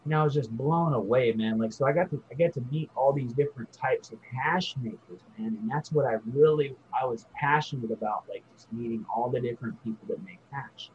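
A man's voice: mid-range voice, a little fast, hardly any pauses, darkish tone, slight background noise. A man casually telling a rambling story, laid-back and swearing freely. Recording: dull lo-fi audio.

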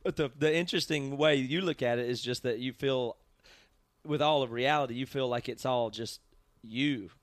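A man co-hosting a podcast, explaining ideas in a measured, thoughtful way. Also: mid-range voice, dry recording, studio quality. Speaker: podcast co-host. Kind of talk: casual podcast chat.

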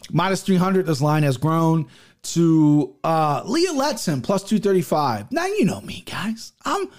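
A young man giving casual MMA betting picks, profane and rambling, with many restarts. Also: on the high side. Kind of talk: casual solo picks show.

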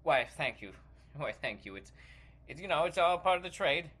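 Brief: pompous famous actor with a British accent, put on by a man, patronizing, animated delivery. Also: on the high side, moderate pace, breathy edge, heavily acted. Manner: grand and patronizing, calls others 'dear fellow' and 'chap'. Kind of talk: comedy sketch.

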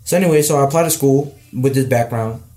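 Young man talking fast about his path. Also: mid-range voice, warm tone. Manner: rapid, filler-laden, enthusiastic. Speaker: guest. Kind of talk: casual conversation.

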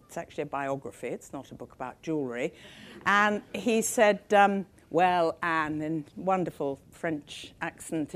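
Older English woman telling a story. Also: lowish voice. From England. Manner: conversational storytelling with frequent fillers. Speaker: author giving a talk. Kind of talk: public talk to an audience.

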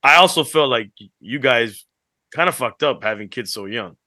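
A man co-hosting a podcast, telling animated stories that act out what others said, swearing freely as he chats. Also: medium pitch, moderate pace, dry recording, studio quality. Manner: animated storyteller, acts out quotes, swears freely. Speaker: podcast co-host. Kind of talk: casual chat.

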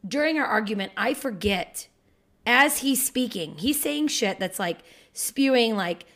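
A woman in her thirties co-hosting a casual podcast, telling a story loudly and animatedly, swearing often. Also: fairly high pitch, unhurried. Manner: loud, profane, animated storytelling. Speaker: podcast co-host. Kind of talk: casual couple podcast chat.

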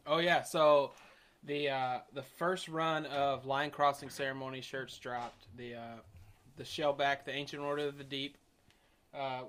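A man's voice: mid-range voice, fairly bright tone. A man co-hosting a podcast in casual, profane chat, laughing often. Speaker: podcast co-host.

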